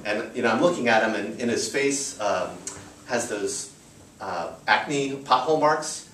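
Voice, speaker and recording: A man's voice: mid-range voice, a little slow, a bit bright, slight background noise. An American man in his thirties tells a personal story to a live audience in a loose, chatty way, full of fillers. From United States. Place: live storytelling show venue. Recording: roomy live venue, distant mic.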